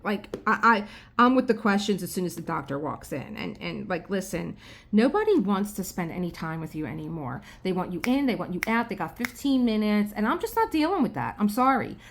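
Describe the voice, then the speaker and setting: A middle-aged woman telling a story in casual chat, animated, quoting others and often restarting her sentences. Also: mid-range voice, moderate pace, vocal fry, a little hiss or hum. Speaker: craft vlogger.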